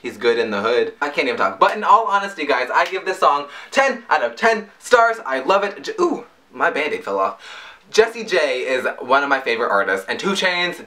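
A man reviewing song lyrics in a casual, jokey way, breaking into high yelps. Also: bright, forceful tone. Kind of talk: casual comedic commentary.

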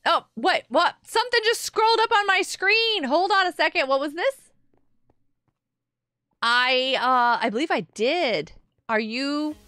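A woman's voice: sits high, animated, a little slow, pushed and bright, dry recording. A woman streaming a game, chatting casually with her viewers, answering chat aloud and laughing often.

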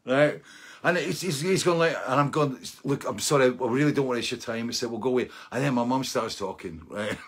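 A middle-aged man hosting a live-streamed show, telling a rambling, animated anecdote with frequent laughs and asides. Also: medium pitch, brisk, breathy edge. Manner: rambling and animated, laughing often and tagging lines with "right?". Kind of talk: casual anecdotal storytelling.

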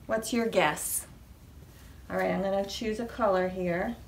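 A woman with a New England accent leading a preschool storytime at a library, animated and sing-song, with high squeals on reveals. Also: measured pace, slight background noise. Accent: New England American. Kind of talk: preschool storytime with rhymes and songs. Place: library room. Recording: echoey room, mic at a distance.

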